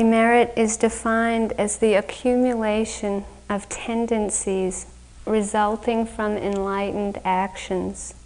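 A woman meditation teacher giving a dharma talk on retreat, slow, gentle and reflective, often laughing at her own stories. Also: medium pitch, rough recording. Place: retreat center meditation hall.

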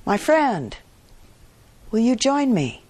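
Brief: timid but stubborn male farmer, stammering and pleading, slow and husky, voiced by a woman storyteller. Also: lively intonation, darkish tone, exaggerated voice. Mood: eager, pleading. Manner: stammering, pleading, pitch rising.

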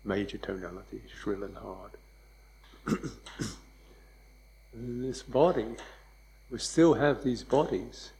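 A man teaching meditation in a loose, conversational dharma talk, wry and quick to laugh, checking in with "yeah?". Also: medium pitch, dark tone, rough recording. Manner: wry, laughs often, mimics hurried speech and beeps.

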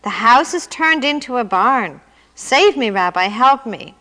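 A woman's voice: on the high side, lively intonation, a little slow, bright, forceful tone, in a large hall. Woman voicing a desperate, pleading poor man. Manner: pleading, complaining. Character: desperate poor man at his wits' end.

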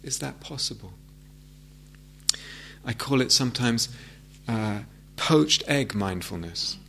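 A man giving a meditation talk, gentle and reflective, with frequent hesitant restarts. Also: mid-range voice, lively intonation, slow, vocal fry. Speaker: meditation teacher. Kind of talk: dharma talk. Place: meditation hall with audience.

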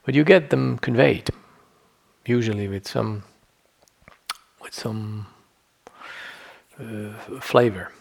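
Middle-aged man, gravelly husky voice, relaxed dharma talk, conversational asides. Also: lowish voice, slow pace, pauses often. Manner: reflective, conversational, frequent "you know" and "yeah?". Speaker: meditation teacher.

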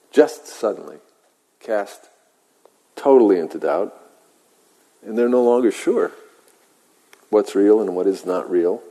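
A man, a meditation teacher, telling a story in a measured, reflective way with halting pauses, in a meditation hall. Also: lowish voice, dark tone. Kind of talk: dharma talk storytelling. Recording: long hall reverb.

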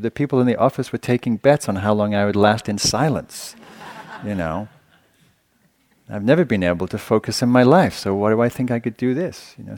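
A male meditation teacher giving a dharma talk in a gentle, conversational way, often searching for words. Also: low voice.

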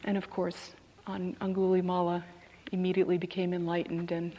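A woman meditation teacher giving a dharma talk. She tells a story and asks reflective questions in a calm, measured way, often dropping to a soft near-whisper. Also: on the low side, rough recording.

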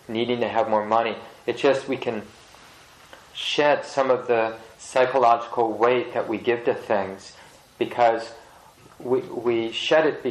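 A man with a middle-pitched voice gives a reflective meditation talk, gentle and halting. His voice carries with the echo of a roomy hall. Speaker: meditation teacher. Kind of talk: dharma talk.

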